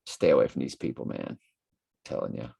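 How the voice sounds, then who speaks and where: A man's voice: very deep voice, big pitch swings, brisk, vocal fry, warm tone, slightly rough. A tired man hosting a casual livestream, reading out viewer comments in a rambling, musing way with many fillers.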